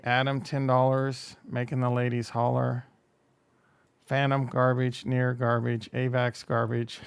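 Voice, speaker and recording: A man's voice: mid-range voice, creaky, smooth. A man hosting a casual crypto livestream, rambling and joking as he reacts to chat and runs through coin prices. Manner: rambling, jokey, self-deprecating, reads chat aloud.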